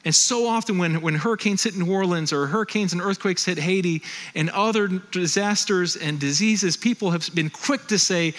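A male pastor from Western New York preaching a sermon in a conversational, animated way. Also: high-pitched, moderate pace.

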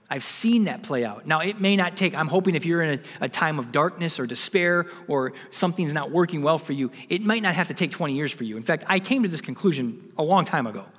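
A man's voice: on the high side, fairly bright tone, husky, in a large hall. A man in his forties, a pastor giving a sermon, telling a personal story and building to emphatic preaching.

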